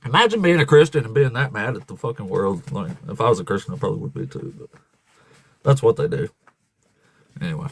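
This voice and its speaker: Gravelly mocking male stream host. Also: fairly low pitch, animated, fast talker. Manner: mocking, swears constantly, talks over callers. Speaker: livestream debate host. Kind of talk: profane casual livestream chat.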